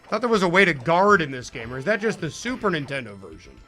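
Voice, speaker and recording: A male game streamer talking casually to his viewers in a loose, rambling way, full of jokes at his own expense. His voice sits a bit high for a man and has a bright, forward edge. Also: very animated, fast, faint music behind. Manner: rambling, self-deprecating, jokey, chatting to viewers. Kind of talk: casual live-stream chat while playing.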